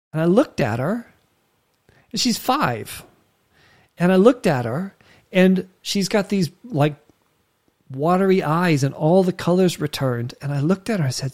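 Guy preaching, slightly high voice, animated storytelling, lots of emphasis. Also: measured pace, creaky, pauses often. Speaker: pastor. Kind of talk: sermon storytelling.

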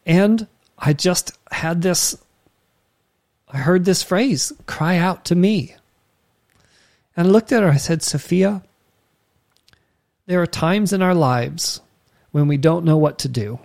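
A man preaching, telling a personal story with lively quoted dialogue and emphatic turns. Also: on the high side. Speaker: pastor. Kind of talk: sermon storytelling.

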